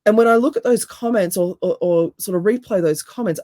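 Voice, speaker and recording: A woman with a deep voice, a hypnotherapist and coach speaking as a podcast guest with calm, emphatic, repeated phrases. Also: a little fast, no room sound, studio quality.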